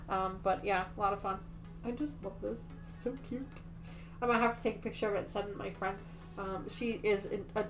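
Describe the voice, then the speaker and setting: Gushing over her quilting projects, a woman runs a chatty livestream, reading out and responding to viewers' comments. She speaks at medium pitch with a fairly bright tone.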